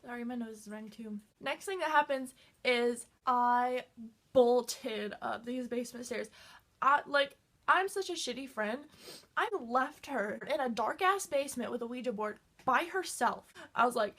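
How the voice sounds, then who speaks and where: A woman vlogger telling a story in casual chat, excitable and full of "like". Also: a little high, moderate pace. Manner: excitable, fills talk with "like".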